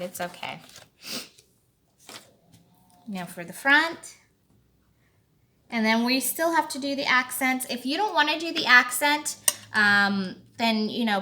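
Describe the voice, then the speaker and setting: Slow, bright-voiced woman crafting tutorial. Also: on the high side, a little hiss or hum. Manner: slow, chatty, thinking aloud while working. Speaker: card-making tutorial host. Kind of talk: casual craft tutorial talk.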